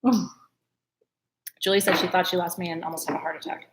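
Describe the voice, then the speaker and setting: A woman's voice: fairly low pitch, steady tone, a little fast, background noise. A woman hosting a live-stream sale, chatting in a gushing way and laughing often. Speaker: host selling crystals. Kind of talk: live-stream sales chat.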